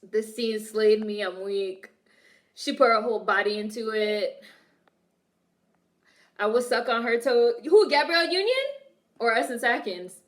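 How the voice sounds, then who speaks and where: A woman's voice: a little high, measured pace, pauses often. A woman streamer reacting to a film, chatting casually, laughing often and reading her chat aloud.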